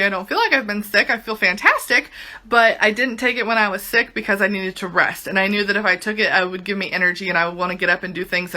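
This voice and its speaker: A woman's voice: mid-range voice, sharp tone. A young woman giving a casual home testimonial, chatty and full of "like". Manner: chatty, says "like" constantly. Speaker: product reviewer.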